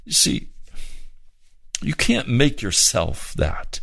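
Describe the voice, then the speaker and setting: Slow, low-voiced pleading preacher. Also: male voice, no echo. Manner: fervent, pleading, with slow drawn-out emphasis. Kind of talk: sermon.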